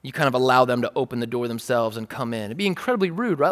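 A man's voice: medium pitch, expressive, racing. Playful preacher man in a reverberant hall. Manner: conversational, playful, dramatizing. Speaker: pastor. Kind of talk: sermon. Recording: long reverb of a large hall.

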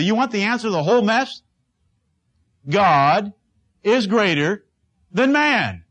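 A man's voice: high voice, expressive, normal speed, a bit bright. A man preaching as a pastor, emphatic, asking his listeners questions and repeating a refrain. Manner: asks the congregation questions. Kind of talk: sermon.

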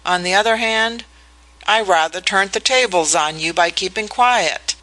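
A reader voicing a peevish, offhand young gentleman who speaks almost pettishly. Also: mid-range voice, unhurried, rough recording.

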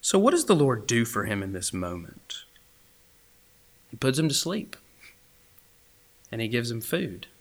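A young man preaching a sermon, going from emphatic, raised passages down to hushed, almost whispered lines. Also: medium pitch, sing-song, measured pace, pauses often. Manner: swings between emphatic and hushed, near-whispered asides. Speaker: pastor.

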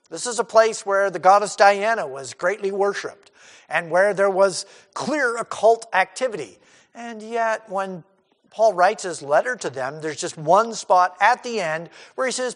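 A man preaching an expository sermon who acts out crowd voices and swings from loud to hushed. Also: high voice. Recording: hall reverb.

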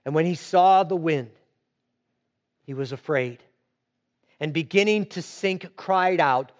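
Slow, high-voiced man preaching. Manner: slow and emphatic, with dramatic repetition. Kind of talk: sermon.

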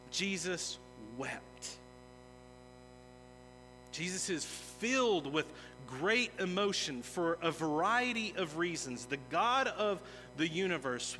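Slow, bright-voiced man preaching in a hall. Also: a little high. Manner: earnest, emphatic preaching with rising intensity. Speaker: pastor. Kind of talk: sermon. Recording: long reverb of a large hall with music.

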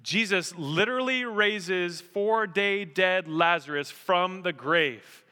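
Bright-voiced pastor preaching in a reverberant hall. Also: male voice, high voice, takes it slowly, clear, resonant tone. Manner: animated storyteller, emphatic. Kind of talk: sermon with storytelling.

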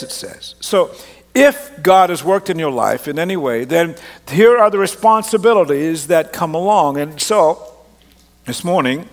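A man's voice: fairly high pitch, lively intonation, measured pace. A man with a mixed Australian and Canadian accent, preaching a conversational, self-deprecating sermon from a church stage into a microphone. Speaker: pastor. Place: large church auditorium on stage. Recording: long hall reverb.

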